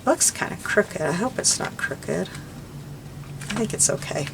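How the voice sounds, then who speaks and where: Older lady rambling while she crafts, kinda low voice, bit of background hiss. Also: expressive, a little slow, gravelly. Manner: chatty, rambling, warm little laughs. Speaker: crafting vlogger. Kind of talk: casual chat while crafting.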